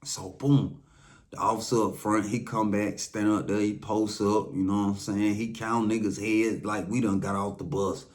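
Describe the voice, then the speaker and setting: A man with an Atlanta Southern accent telling a first-hand story casually, profane and loose, acting out quotes with lively voices. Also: lowish voice, moderate pace. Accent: Southern American, Atlanta.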